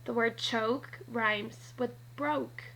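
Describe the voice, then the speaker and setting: A woman with a high voice narrates a scripted lesson at an unhurried, careful pace. Her tone is bright, and she spells out letters one at a time. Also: fairly even intonation, low-quality recording. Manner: slow and deliberate, spelling out letters. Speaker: teacher.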